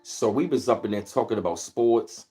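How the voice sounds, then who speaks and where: A man's voice: on the low side, moderate pace, warm tone, slightly rough, faint music behind. A man hosting a casual livestream, telling rambling, easygoing stories and greeting viewers in between. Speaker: livestream host. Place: at home, where he lives in Maryland.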